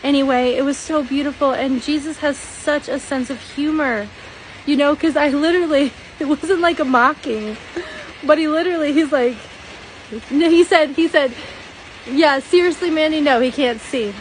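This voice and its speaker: Middle-aged woman, high voice, earnest and teary, faint hiss behind her. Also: moderate pace, low-quality recording. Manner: tearful, laughing, earnest. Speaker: dream testimony vlogger. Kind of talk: emotional personal testimony.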